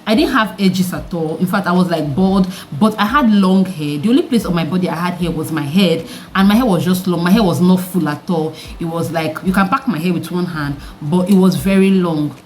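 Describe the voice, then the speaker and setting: A young woman with a deep, mature-sounding voice, chatting candidly to camera in an animated way and throwing questions at her viewers. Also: fairly quick, few pauses, slight background noise. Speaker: vlogger. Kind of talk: candid vlog chat to camera.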